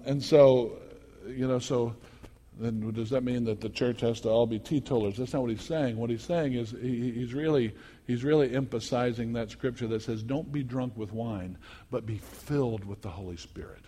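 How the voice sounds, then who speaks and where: A man preaching a sermon as pastor, swinging from quiet teaching to loud exhortation and repeating words when worked up. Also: medium pitch. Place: church sanctuary. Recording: long echo of a church hall.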